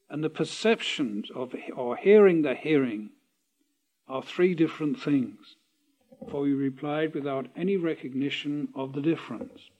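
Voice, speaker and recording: Man voicing a calm old male teacher, slow measured questions, fairly high voice.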